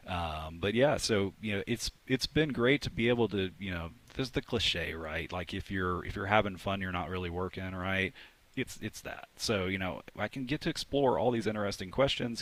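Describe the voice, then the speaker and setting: A man's voice: low-pitched, fairly bright tone. A man who teaches sports analytics, chatting eagerly in a radio interview and often restarting his phrases.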